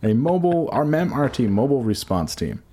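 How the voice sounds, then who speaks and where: A man's voice: medium pitch, big pitch swings, a little fast, dark tone. A man co-hosting a podcast in casual banter, rambling and profane, often trailing off and restarting sentences. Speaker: podcast co-host.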